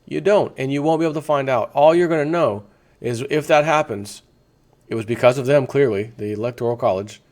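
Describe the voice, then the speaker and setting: A man's voice: medium pitch, brisk, darkish tone. A man delivering a combative political rant as a vlogger, firing off rhetorical questions and rambling through crude asides. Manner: mocking, slips into sarcastic quoted voices. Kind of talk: ranting opinion monologue.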